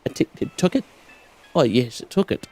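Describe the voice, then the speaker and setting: An excitable streamer chatting casually over gameplay and swearing freely. The voice bounces up and down with a lot of life. Soft music plays faintly in the background. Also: mid-range voice, moderate pace. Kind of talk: casual game commentary.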